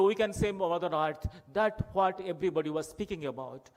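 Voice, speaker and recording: This is a man with an Odia-accented Indian English, delivering an impassioned speech to a conference hall. His voice sits high, and he circles back to the same phrases for emphasis. He builds his appeals through rhetorical questions. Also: animated, normal speed, few pauses, a little mellow. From Odisha, India. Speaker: conference speaker.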